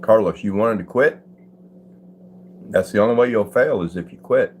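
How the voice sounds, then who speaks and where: A man's voice: lowish voice, normal speed, slight background noise. An older man hosting a casual live stream at home, greeting viewers by name and chuckling easily. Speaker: livestream host. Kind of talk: casual live chat reading comments. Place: at home, indoors.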